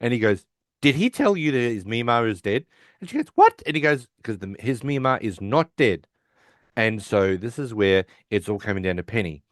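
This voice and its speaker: A man's voice: medium pitch, sing-song, moderate pace, dry recording, clean studio sound. A man co-hosting a podcast, casually retelling a sitcom episode and acting out the characters' lines. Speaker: podcast co-host.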